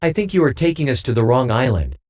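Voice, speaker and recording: A man voicing a slow, puzzled male passenger in an audiobook. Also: medium pitch, very animated, darkish tone, lightly acted. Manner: slow on the uptake.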